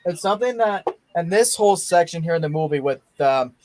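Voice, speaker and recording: A man's voice: fairly high pitch, animated, brisk, darkish tone, no room sound. A young man hosting a casual movie watch-along, rambling enthusiastically with frequent restarts. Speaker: podcast host.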